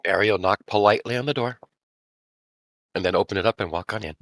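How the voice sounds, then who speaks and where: A man playing in a tabletop game, chatting in a quick, matter-of-fact way. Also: lowish voice, fairly bright tone, dry recording. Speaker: player. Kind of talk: casual tabletop game chat.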